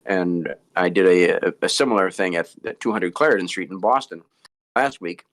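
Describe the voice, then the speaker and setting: A man being interviewed as a ventriloquist, talking in a halting way with many repeated words and restarts. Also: sits low, a bit bright. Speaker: ventriloquist guest. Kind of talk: casual interview chat.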